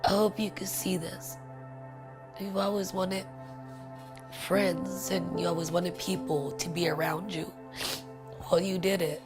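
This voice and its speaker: A woman telling a personal family story in an interview, speaking softly and often in a hushed, emotional way. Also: fairly low pitch, fairly even intonation, measured pace, pauses often, music in the background. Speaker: sister of the deceased.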